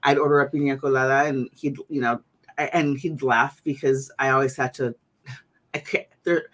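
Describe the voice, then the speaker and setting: A woman's voice: rumbling low, steady tone, moderate pace, a bit bright. A woman hosting a casual conversation, chatty, with many fillers and restarts. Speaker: host.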